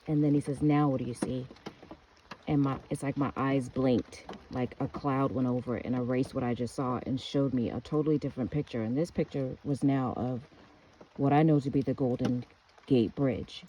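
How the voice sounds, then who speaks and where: A woman's voice: a bass voice, steady tone, normal speed, mellow, slight background noise, poor audio. An American woman telling an earnest, rambling personal story with restarts. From United States. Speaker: speaker giving a testimony.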